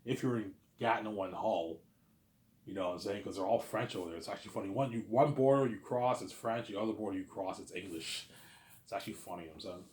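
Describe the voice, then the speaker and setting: A man's voice: fairly low pitch, fast, darkish tone, reverberant, a little hiss or hum. A man from Canada talking in a rambling, repetitive casual monologue, swearing offhandedly and often asking "you know what I'm saying". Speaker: vlogger.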